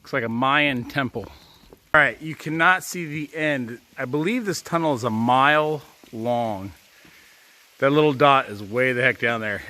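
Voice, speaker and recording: Bright-voiced man vlogging a dog walk. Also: mid-range voice, unhurried. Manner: joking, chatty, puts on silly voices. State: out of breath. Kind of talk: casual vlog narration while hiking. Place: outdoors on a trail and in a tunnel.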